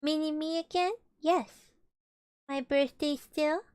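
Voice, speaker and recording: A woman voicing a gloomy old male donkey who talks slowly and mournfully, in a storybook reading. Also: high-pitched, fairly even intonation, darkish tone, no room sound, clean studio sound, voice pushed up. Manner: slow, doleful, drawn-out.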